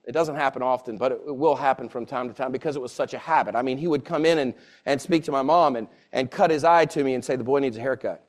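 A man's voice: mid-range voice, fast talker. A man preaching a sermon, earnest and repeating phrases for emphasis. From Southern United States. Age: 40s.

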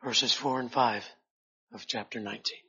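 A man preaching a sermon in a slow, earnest way, rising loud and then dropping to a hush. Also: mid-range voice, steady tone, husky, dull audio.

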